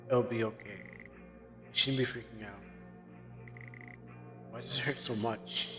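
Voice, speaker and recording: A man's voice: medium pitch, slow, pauses often. A man streaming a game playthrough, reading its text aloud in a subdued, hesitant way. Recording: long reverb with faint game music.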